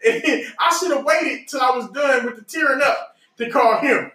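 A man's voice: very high voice, brisk, pushed and bright. A man hosting a podcast, telling a family story in a loose, laughing way with casual grammar. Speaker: podcast host. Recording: echoey room, mic at a distance.

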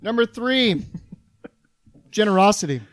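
A man co-hosting a podcast, reading out a list at the table and throwing in dry, quick quips. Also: high-pitched, expressive, no room sound. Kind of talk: casual banter. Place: table in a dry studio room.

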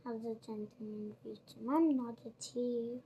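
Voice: medium pitch, slow pace, dark tone, slight background noise, rough recording. A young reader voicing a timid, grateful orphan boy in a storybook reading.

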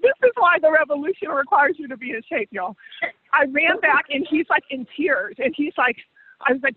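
A woman in her forties telling stories with animated, colloquial energy, laughing often, on a call. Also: high-pitched, a little fast, no room sound. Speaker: co-host. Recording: muffled phone line.

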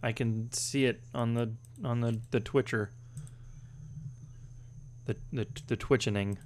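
A man's voice: mid-range voice, fairly even intonation, measured pace, slight background noise. A man co-hosting a gaming podcast, joking loosely and swearing casually as he chats. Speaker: podcast co-host.

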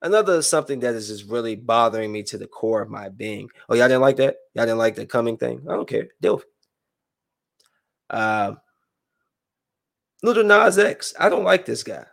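A young man venting to his viewers in a heated, rambling monologue that swings between low brooding and loud outbursts. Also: animated, normal speed, vocal fry, pauses often. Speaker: vlogger.

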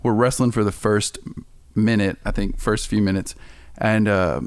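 A man's voice: lowish voice, moderate pace, no echo. A young man, a podcast guest, telling a story in casual chat, laughing often and acting out the voices of people in it. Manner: animated, laughing, acts out quoted voices.

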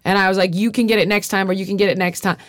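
Podcast host, woman, candid and profane, rambles through stories with restarts, mid-pitched, dry close sound. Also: fairly even intonation, rapid-fire, dry recording. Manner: frequent fillers and restarts. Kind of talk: casual podcast chat.

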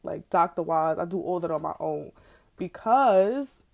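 Speaking unhurriedly in a fairly low, gravelly, slightly mellow voice, a young woman tells her own stories expressively. It's a casual vlog rant, candid and profane, with exasperated storytelling and slangy asides.

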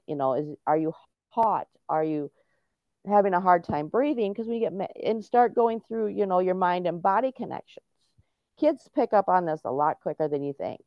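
A woman's voice: mid-range voice, animated, normal speed, no room sound. A middle-aged woman, a guest on an interview podcast, explaining things earnestly with frequent restarts. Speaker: guest, autism and veterans advocate. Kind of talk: casual interview talk. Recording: dull lo-fi dry sound.

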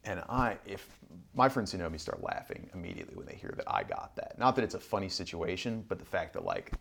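Deep gravelly man telling stories. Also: very animated, fast talker, a bit bright, slight background noise. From Southern Illinois. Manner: rambling storyteller with frequent ums and restarts. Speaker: guest. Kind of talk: conversational podcast interview.

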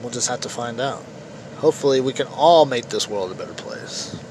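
A man's voice: mid-range voice, a little fast, a little mellow, a little hiss or hum, rough recording. Ranting man hosting a podcast. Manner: ranting, repetitive, swears freely. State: slightly losing his voice. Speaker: podcast host. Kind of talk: opinionated solo podcast monologue.

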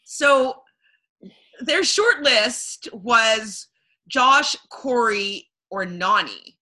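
A bright, clear-toned young woman from Canada chatting casually as a podcast co-host. She talks loosely and rambles with plenty of ums and likes, laughing easily. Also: a little high, animated, very slow. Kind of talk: casual chat recapping a reality show.

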